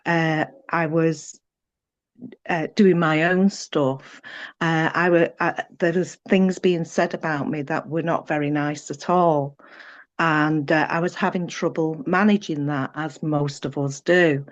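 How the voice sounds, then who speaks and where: A woman telling a story as a guest over a video call, hesitant with many pauses and restarts. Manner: breaks into bright high voice when quoting. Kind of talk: casual storytelling chat. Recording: muffled video call audio.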